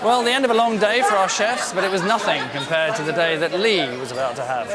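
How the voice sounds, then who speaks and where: A man's voice: sits high, fast. A man narrating a reality TV show in a wry, upbeat way. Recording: crowd noise behind.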